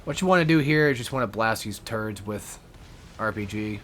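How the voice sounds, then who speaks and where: A man's voice: lowish voice, animated, normal speed, a bit bright, a little hiss or hum. A man giving rambling, casual gameplay commentary as a let's player, swearing often and correcting himself as he goes. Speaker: let's play gamer.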